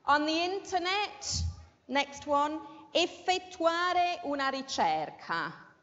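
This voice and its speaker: A woman's voice: high voice, expressive, takes it slowly, a bit bright. A woman teaching an English class in a classroom and leading a dictation, patiently repeating each word twice. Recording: dull lo-fi sound with long room reverb.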